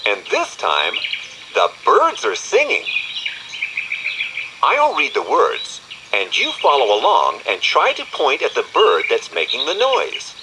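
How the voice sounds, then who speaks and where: A man's voice: medium pitch, huge pitch swings, a little slow, noisy background. A man giving scripted narration for a children's audio magazine, coaxing and talking straight to the young listener. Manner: sing-song, coaxing, speaks directly to the child. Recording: studio voice-over with background music. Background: music.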